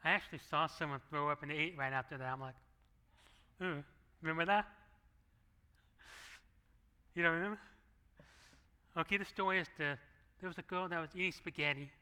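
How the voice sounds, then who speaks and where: A man's voice: a little high, steady tone, normal speed, long pauses, sharp tone, clear, resonant tone. A middle-aged man preaching a sermon as pastor, talking conversationally and slipping into acted asides, on a handheld microphone in a church. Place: church sanctuary.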